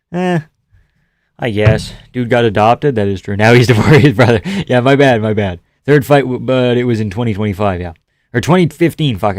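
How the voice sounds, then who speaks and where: A man's voice: mid-range voice, a little mellow, clear, resonant tone, dry recording. Man, livestream host, rambling, swearing, dry sound. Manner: rambling, swears, reads chat aloud. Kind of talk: casual livestream chat reading comments.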